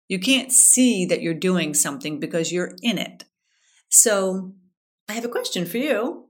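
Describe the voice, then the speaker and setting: A middle-aged woman hosting a podcast as a life coach, chatting casually, telling stories and guiding a breathing exercise. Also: fairly low pitch. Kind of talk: casual solo podcast talk.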